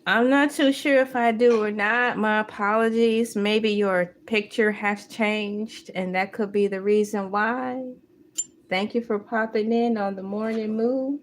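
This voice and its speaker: A woman hosts a casual morning livestream, chatting to her viewers in a playful, joking way. She talks slowly and unhurriedly, at a mid pitch for a woman. A faint ambient hum sits behind her voice. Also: fairly even intonation. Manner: slow, playful, breaks into sung bits and laughter. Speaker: livestream host.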